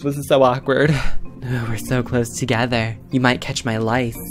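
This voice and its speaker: Man, gaming YouTuber, comedic commentary, excitable, theatrical shrieks, middle pitch, soft music underneath. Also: moderate pace.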